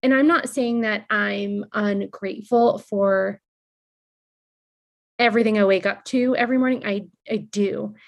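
A woman's voice: medium pitch, fairly even intonation, measured pace, gravelly. Woman, podcast co-host, earnest, reflective, casual chat.

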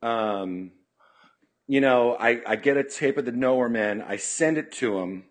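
A man's voice: medium pitch, measured pace. Man rambling through a story. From California. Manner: rambling, heavy on "you know" fillers; acts out quoted dialogue. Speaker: podcast guest, punk musician. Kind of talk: casual storytelling. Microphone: podcast studio mic.

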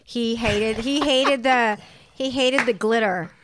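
A woman's voice: a little high, steady tone, slow pace, noisy background. A woman guest on a comedy podcast, telling frank, bawdy stories in casual banter.

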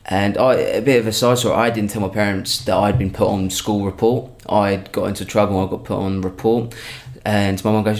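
A man's voice: lowish voice, fairly even intonation, fairly quick. A young man, a comedian, casually telling a long anecdote with frequent restarts and self-corrections. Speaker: comedian guest. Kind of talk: casual storytelling.

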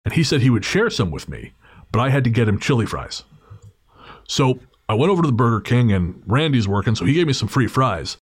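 A man's voice: medium pitch, sing-song, fairly quick, husky. A man putting on the voice of a wiry drifter who rambles, swears and acts overfamiliar in a told story. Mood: rambling. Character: wiry, rambling small-time male drifter.

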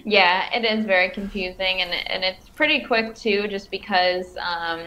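A woman's voice: mid-range voice, measured pace, sharp tone, a little hiss or hum, rough recording. A woman chatting casually about a film with a co-host, speaking in a chatty, easygoing way. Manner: chatty, backchannels often. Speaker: podcast co-host.

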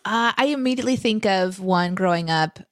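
A woman's voice: medium pitch, fairly quick, no echo. Woman co-host, mid-range voice, chatty storyteller, close dry sound. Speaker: co-host reading viewer chat. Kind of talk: casual livestream chat.

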